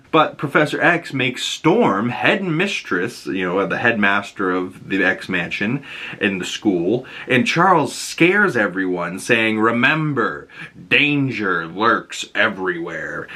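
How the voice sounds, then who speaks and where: Bright-voiced man in a rambling recap. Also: lowish voice. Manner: rambling, filler-heavy, swears casually. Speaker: host reviewing a cartoon episode. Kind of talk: casual recap.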